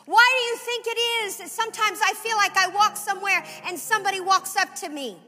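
A woman preaching a sermon in a church, building from quiet reflection to fervent exhortation. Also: very high voice, brisk, in a large hall. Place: church hall.

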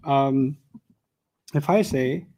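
A man teaching a Quran commentary class to a live audience, explaining grammar with everyday examples in a conversational, animated way. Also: mid-range voice, very slow, slight background noise. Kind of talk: classroom tafsir lecture.

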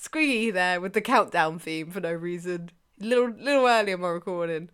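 A woman's voice: on the low side, moderate pace, fairly bright tone, smooth. A woman hosting a podcast, chatting casually with bubbly, teasing reactions. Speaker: podcast host. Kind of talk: casual chat.

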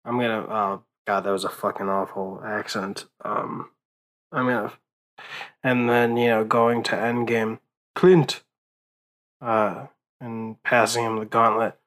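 A man's voice: on the low side, flat delivery, unhurried, fairly bright tone, poor audio. A young man rambling in a casual late-night monologue, worn out and swearing often, with many fillers and restarts. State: exhausted. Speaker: vlogger.

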